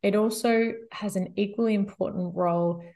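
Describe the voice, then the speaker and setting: Woman guest, mid-pitched, calm and steady, explains at length. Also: normal speed. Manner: calm, explains steadily with frequent "you know". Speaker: guest expert. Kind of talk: explanatory interview talk.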